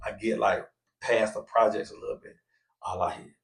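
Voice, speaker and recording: Animated man telling a podcast story. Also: lowish voice, normal speed, gravelly. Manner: animated, acts out quoted voices loudly. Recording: echoey room.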